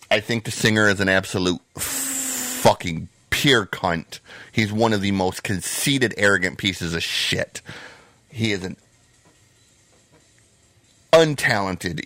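Podcast co-host, man, low dry voice, heated profane rants. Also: slow, no room sound. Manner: heated, profane, bursts into loud shouting. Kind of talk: profane ranting podcast chat.

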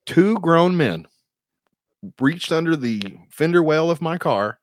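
A man's voice: on the high side, lively intonation, takes it slowly, no echo, clean studio sound. A man guesting on a podcast, telling crude, joking stories and acting out what people said. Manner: crude, joking, acts out quotes. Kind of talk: casual chat.

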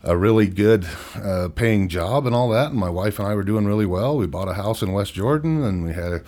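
A middle-aged man speaks in a deep, low register. He is an interview guest telling a hard personal story frankly. He pauses and restarts often and lets out wry chuckles. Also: expressive, a little mellow. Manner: frank, halting, chuckles wryly through hard memories.

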